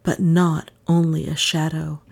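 A woman narrating an audiobook in a measured, unhurried reading voice. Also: sits low, little pitch movement, vocal fry, a little mellow, husky.

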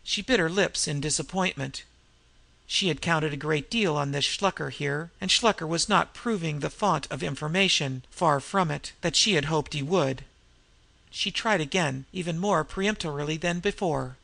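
A man narrating an audiobook in a measured storytelling manner. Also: on the high side, creaky, sharp tone, dry recording.

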